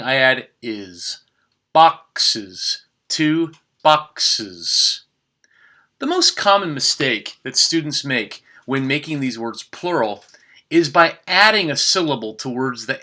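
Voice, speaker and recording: A man leads a pronunciation lesson and carefully spells out each example word. His voice has a very bright, sharp edge. He speaks slowly and deliberately, like a patient teacher. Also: mid-range voice. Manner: slow, careful over-articulated demonstration of words. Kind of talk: spoken language tutorial.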